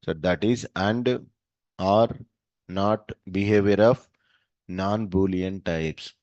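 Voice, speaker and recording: A man's voice: low voice, steady tone, slow pace, darkish tone, no room sound. Dull-sounding man quizzing a class. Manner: quizzes students with short questions and answers. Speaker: programming teacher. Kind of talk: live coding class.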